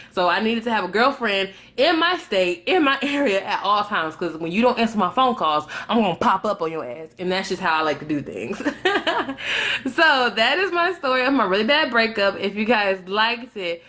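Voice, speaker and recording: Dramatic, animated young woman storyteller. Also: mid-range voice, normal speed. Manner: animated, dramatic, swears freely. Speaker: vlogger. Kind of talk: casual storytime vlog.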